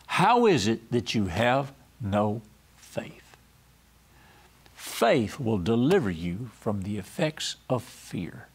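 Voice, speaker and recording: A man's voice: lowish voice, sing-song, takes it slowly, slightly rough. Male pastor, TV sermon, folksy storyteller who acts out the voices he quotes. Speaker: pastor and TV host. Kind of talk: televised sermon.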